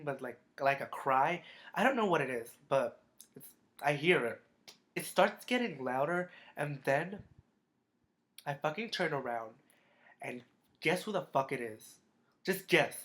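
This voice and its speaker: A man's voice: fairly high pitch, fairly bright tone. A teenage boy telling a storytime vlog in casual chat, rambling, swearing a lot, his voice cracking. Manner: profane, rambling with constant fillers. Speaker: vlogger.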